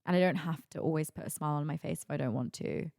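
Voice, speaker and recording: A woman's voice: low-pitched, fast talker, gravelly, darkish tone, no room sound, studio quality. A woman hosting a solo podcast, talking candidly and confidingly in a rambling way full of "like". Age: 20s. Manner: confiding, rambling, heavy use of "like". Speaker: podcast host.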